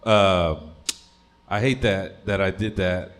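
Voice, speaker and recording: Man, 30s, stand-up comic, lower pitch, rambling, crude, halting delivery. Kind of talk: stand-up comedy set.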